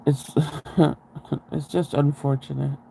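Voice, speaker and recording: A man telling his own story in a casual interview, frank and halting, with blunt swearing. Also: a little high, level tone, vocal fry, mellow, slight background noise, rough recording.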